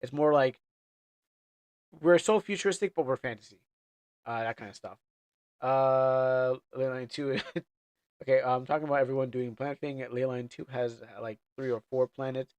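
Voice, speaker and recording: A male streamer talking through a game in loose, casual chat. His voice sits at an ordinary middle pitch, and he rambles, stammers and doubles back on his words. The sound is close and dry, with no room around it. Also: steady tone, moderate pace, a little mellow, clear, resonant tone, no echo.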